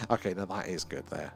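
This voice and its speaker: A man's voice: low-pitched, creaky, bright, forceful tone, slightly rough. A British man hosting a live sky-watching stream, chatting casually, answering viewer comments and laughing often. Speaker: livestream host.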